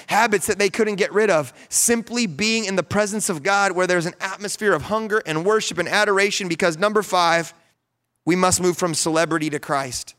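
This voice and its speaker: Fervent storytelling male pastor, smooth voice. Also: high voice, moderate pace. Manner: storytelling, animated, rising to fervent peaks. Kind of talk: sermon.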